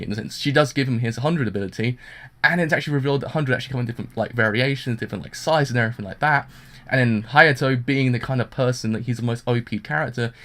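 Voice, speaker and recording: A man's voice: mid-range voice, fairly bright tone. A man giving a casual, rambling anime review with constant fillers, acting out the characters' lines as he retells them. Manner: rambling, full of fillers, acts out quotes.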